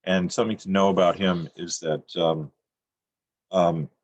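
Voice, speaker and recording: Deadpan low-voiced man reading poems. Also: measured pace, dry recording, muffled recording. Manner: dry, deadpan delivery with self-mocking jokes. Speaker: featured poet. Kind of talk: poetry reading on a video call. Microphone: computer mic on a video call.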